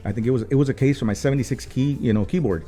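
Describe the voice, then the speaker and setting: A man's voice: medium pitch, racing, mellow, faint music behind. A man, co-hosting a casual talk show and telling a long story, with many fillers, swearing and switches into Spanish. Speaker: co-host.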